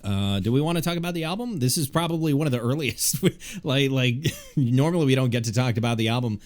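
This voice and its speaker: A man's voice: medium pitch, animated, a little fast, darkish tone. A young man with a nasal voice, co-hosting a podcast in casual, rambling chat full of fillers and restarts. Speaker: podcast co-host.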